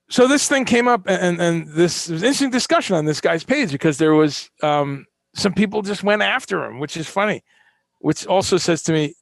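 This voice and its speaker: A man's voice: fairly high pitch, creaky, no echo, clean studio sound. A man hosting a live-streamed solo talk, ranting with passion, swearing and firing off rhetorical questions. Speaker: host.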